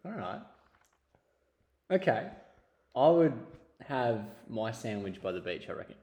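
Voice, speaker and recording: A man's voice: on the low side, big pitch swings, measured pace, dark tone. Chatty man in a roomy space. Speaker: podcast co-host. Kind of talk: casual chat. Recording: roomy echo.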